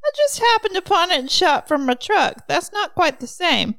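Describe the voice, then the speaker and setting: A woman's voice: very high voice, big pitch swings, moderate pace, fairly bright tone, no echo, voice pushed up, heavily acted. A woman voicing a defensive rural man caught hunting, talking in a folksy, protesting way.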